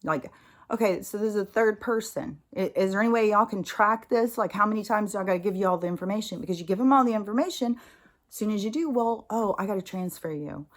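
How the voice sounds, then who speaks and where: A woman's voice: medium pitch, fast. Profane, fired-up American woman ranting. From United States. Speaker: spiritual vlogger. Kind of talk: casual spoken monologue.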